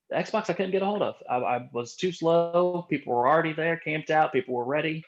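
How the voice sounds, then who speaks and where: A man's voice: fairly high pitch, normal speed. A man hosting a casual gaming podcast, telling stories in a laid-back, chatty way and asking his co-host questions. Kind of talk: casual chat. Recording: dull lo-fi audio.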